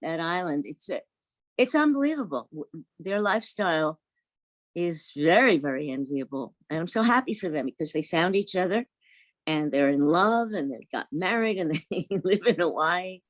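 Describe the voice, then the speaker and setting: Lively older woman with a Brooklyn accent. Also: lowish voice, normal speed, no room sound, clean studio sound. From Brooklyn, New York. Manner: lively, laughs often, self-deprecating. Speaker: voice actress guest. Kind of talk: casual interview chat.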